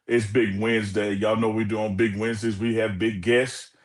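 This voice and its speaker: A man's voice: little pitch movement, moderate pace. A man co-hosting a casual sports talk show, hyping things up with a playful, swinging delivery. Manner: hype, playful, big swings in pitch. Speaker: co-host.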